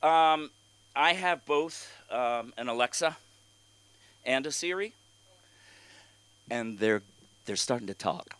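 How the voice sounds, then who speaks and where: A man doing a stand-up set at an open mic, from California, rambling through halting, crude rants full of fillers and restarts. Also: mid-range voice, expressive, fairly bright tone, clear, resonant tone. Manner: crude, exasperated ranting. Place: comedy club stage.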